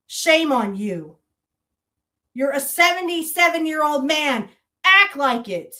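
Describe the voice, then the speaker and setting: A woman with a high voice, hosting a podcast and ranting at length. She is heated and accusatory, swears freely and keeps hammering the same rhetorical challenges. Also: big pitch swings, takes it slowly, bright, forceful tone. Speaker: podcast host. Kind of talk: angry monologue rant.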